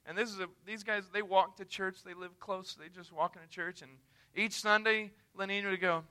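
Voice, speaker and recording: Male missionary preacher, emphatic storyteller, sharp, ringing tone. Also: high-pitched, steady tone, moderate pace. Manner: earnest, emphatic, conversational. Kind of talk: sermon storytelling.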